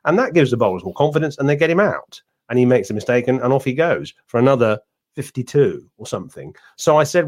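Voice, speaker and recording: A man's voice: medium pitch, expressive, fast. Guy on a cricket podcast rambling through a story, lots of false starts, normal mid voice. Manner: rambling, with many restarts and asides. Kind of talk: casual anecdotal chat.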